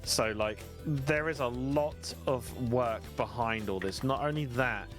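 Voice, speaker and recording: A British man as guest on an online interview, relaxed and playful, rambling with restarts. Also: medium pitch, unhurried, soft background music. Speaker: guest VTuber. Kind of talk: casual interview chat.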